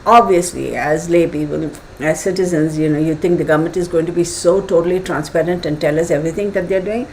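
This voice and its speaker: A woman's voice: low voice, fast, hardly any pauses, a little mellow, slight background noise, poor audio. Chatty woman reading tarot. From United States. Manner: chatty, thinks aloud with fillers and acted asides. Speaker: tarot reader.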